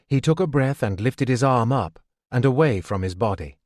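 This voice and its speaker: Male audiobook narrator, mid-pitched, measured and steady; dead-dry close studio read. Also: no room sound. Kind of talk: scripted narration.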